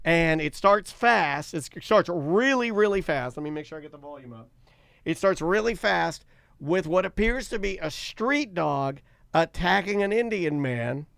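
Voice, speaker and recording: A man's voice: on the high side, expressive, normal speed, vocal fry, fairly bright tone, clean tone, dry recording. A man co-hosting a podcast, animatedly retelling a viral video with laughter and acted-out quotes. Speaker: podcast co-host. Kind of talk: casual podcast banter.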